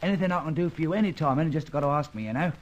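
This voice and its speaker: An actor playing a cheerful, loyal former safecracker with a London Cockney accent and chirpy working-class patter, in a 1940s-style radio drama. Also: male voice, on the high side, rapid-fire, dull audio, close to an everyday voice. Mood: friendly.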